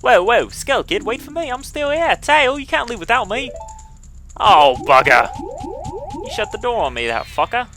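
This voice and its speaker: A man's voice: very high voice, big pitch swings, moderate pace, bright, forceful tone, soft background music, pitched above the performer's own voice, full character voice. A man voicing a sassy, bossy female fairy with a put-on English accent. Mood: indignant.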